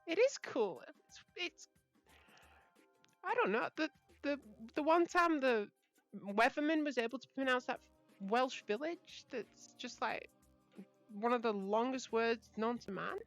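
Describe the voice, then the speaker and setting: A woman's voice: high voice, measured pace, soft background music. Chatty young English woman streamer. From Britain. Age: young adult. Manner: chatty, laughs often. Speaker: livestreamer. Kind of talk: casual chat reading viewer messages.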